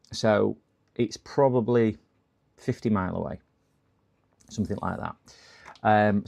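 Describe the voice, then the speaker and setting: Guy on a live stream, bit low voiced, rambly chat that turns into grumpy rants. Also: vocal fry. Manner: rambling, chatty, given to exasperated rants. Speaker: livestream host.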